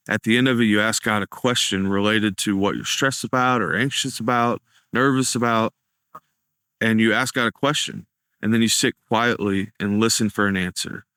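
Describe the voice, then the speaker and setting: Young guy telling his recovery story, smooth low voice, dry close sound. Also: fairly bright tone, dry recording. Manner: earnest storytelling, acts out quoted dialogue. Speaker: testimony speaker. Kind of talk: personal recovery testimony.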